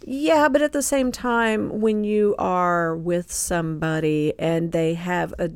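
A woman's voice: lowish voice, takes it slowly, smooth, no echo, clean studio sound. A woman co-hosting a podcast, chatting casually about a book and agreeing, then adding thoughtful points with plenty of fillers. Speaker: podcast co-host.

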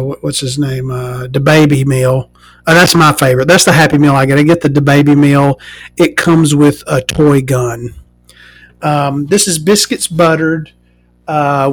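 A man's voice: fairly high pitch, natural voice. A man playing a crude, complaining woman who hosts a podcast, rambling with fillers and swearing. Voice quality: rambling, profane, full of fillers. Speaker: podcast host. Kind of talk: improvised comedy monologue.

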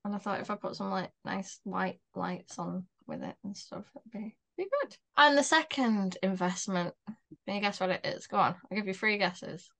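A woman's voice: medium pitch, normal speed, creaky, fairly bright tone. A young woman, a podcast co-host telling stories in casual chat and laughing often as she talks. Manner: chatty storyteller, laughs often while talking.

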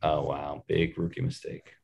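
A man on a podcast as a guest in casual chat, joking dryly and animated. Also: a bass voice, moderate pace, gravelly, breathy edge.

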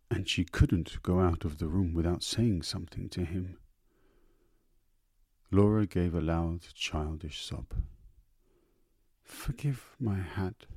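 A man reading a literary story aloud in a slow, measured, lingering way. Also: low-pitched, a little mellow, breathy edge, no echo. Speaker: narrator.

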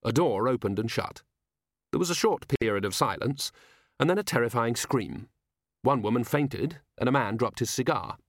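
Brief: male audiobook narrator, lively rising and falling delivery, dry close sound. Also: medium pitch, moderate pace, no echo. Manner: expressive storytelling. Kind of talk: audiobook reading.

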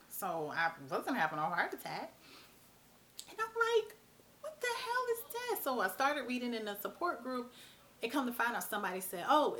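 A woman, talking casually and bluntly to camera as a vlog host. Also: mid-range voice. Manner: animated, chatty, blunt, mild cursing.

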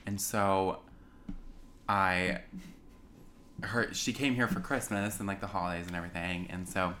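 Deep-voiced young man telling a rambling story. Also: a little slow, slight background noise. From United States. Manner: rambling, self-deprecating, animated storyteller. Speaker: podcast guest. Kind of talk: casual storytelling chat.

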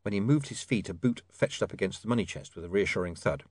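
A man narrating an audiobook in a measured, expressive reading. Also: lowish voice, dry recording.

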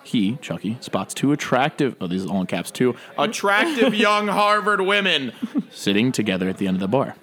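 A man's voice: medium pitch, moderate pace. A man co-hosting a casual podcast, chatting playfully and reading stage directions aloud. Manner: laughs often, lively and playful. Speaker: podcast co-host.

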